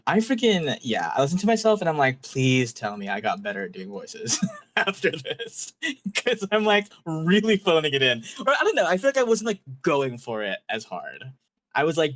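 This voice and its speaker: A man, the group's game master, chatting casually and laughing at his own old voice work. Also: a little high. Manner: laughing, self-deprecating, animated. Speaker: dungeon master. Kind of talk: casual chat among players.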